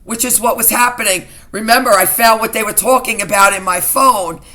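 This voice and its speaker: A woman's voice: on the high side, fairly quick, bright, forceful tone. A middle-aged woman vlogging to her viewers in an emotional personal rant, indignant and agitated, often repeating herself.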